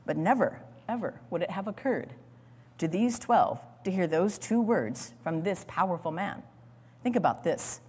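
A woman's voice: lowish voice, expressive, a little slow, a little mellow, breathy edge. A woman teaching a sermon in dramatic storytelling style, repeating words as she goes. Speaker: Bible teacher. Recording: long hall reverb.

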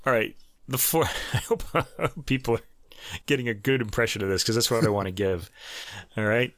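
A man's voice: medium pitch, a little fast, a bit bright, dry recording. A man with a New York accent chatting casually through a review of a classical piano album, full of fillers and restarts, as host of a show.

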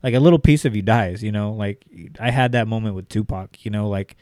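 A man's voice: fairly low pitch, brisk, a little mellow, dry recording. Sex: man. Style: casual podcast chat. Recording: dry, close. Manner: loose, filler-heavy talk. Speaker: podcast co-host.

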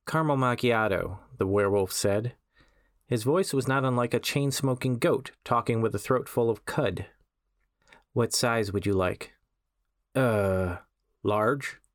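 A man, the host of a podcast, reading a short story aloud in a measured, wry storytelling voice. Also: medium pitch, no room sound, studio quality. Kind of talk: scripted story narration.

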